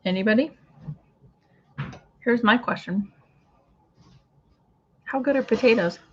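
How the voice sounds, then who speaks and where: A woman's voice: on the high side, takes it slowly, a bit bright, husky, dull audio. A woman hosting a casual craft livestream, chatting with viewers and reading out their comments as she goes. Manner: chatty, reads out viewer comments, trails off and restarts.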